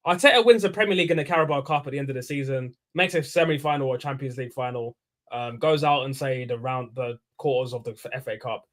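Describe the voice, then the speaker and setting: Fast-talking young man. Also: mid-range voice. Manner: rambling, excitable, slangy. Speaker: livestream host. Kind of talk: casual post-match fan chat.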